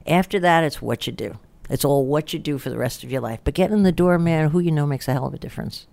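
A woman's voice: low voice, quick pace, creaky, darkish tone. An older woman as an interview guest, talking in a blunt, salty, anecdotal way. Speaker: guest business founder. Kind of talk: casual interview talk.

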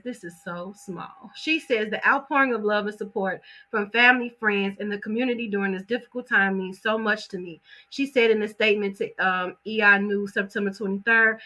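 A woman chatting casually about celebrity gossip, animated and opinionated, with slang and quick asides. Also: mid-range voice.

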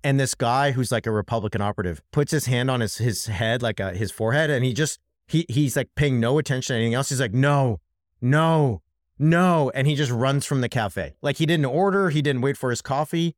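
A man's voice: medium pitch, fast talker, hardly any pauses, no echo, clean studio sound. A man co-hosting a podcast, talking through politics in an impassioned, emphatic way and speaking straight to his co-host. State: worked up. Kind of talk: casual political commentary.

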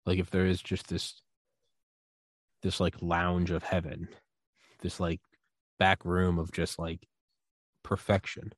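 A man with a lower-pitched voice riffs casually on a podcast, jumping into acted-out voices as he tells a story. He swears freely and keeps the energy animated. The sound is close and dry. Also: takes it slowly, long pauses, dry recording. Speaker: podcast host.

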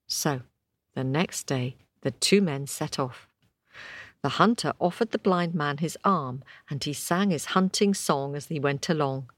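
A woman telling a folk tale to an audience, expressive and rhythmic, with repeated phrases. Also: sits low, a little slow, dry recording. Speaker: storyteller. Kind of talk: oral storytelling to an audience.

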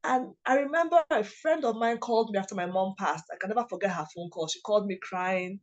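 Woman, personal storytelling, halting, emotional, restarts sentences, mother. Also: medium pitch, muffled recording. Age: adult mother of several children. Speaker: guest sharing a personal story.

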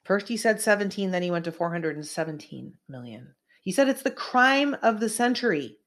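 A middle-aged woman from California hosting an online show, giving a rambling, emphatic commentary monologue full of asides. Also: on the high side. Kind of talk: casual political commentary monologue.

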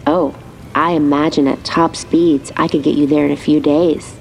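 A woman voicing a sassy female yacht computer that is bossy and quick to scold. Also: low voice, steady tone, vocal fry, a little hiss or hum, low-quality recording.

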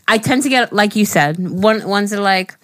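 A woman's voice: medium pitch, moderate pace. A woman, co-hosting a podcast in casual chat, talkative and laughing often. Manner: chatty, laughs often, gets teary and excited. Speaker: podcast co-host.

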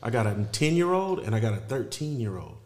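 A man's voice: medium pitch, sing-song, fairly quick, noisy background. A man in his forties, a podcast guest, joking bluntly and swearing in casual chat. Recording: echoey room with chatter.

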